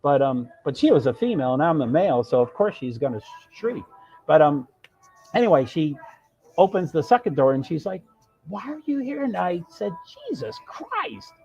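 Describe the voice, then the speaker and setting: Very animated and fairly quick, a man with a slightly high, warm voice and a breathy edge spins a long story on his live stream. He rambles, breaks off mid-sentence, and acts out others' words casually, while the muffled recording carries faint music behind.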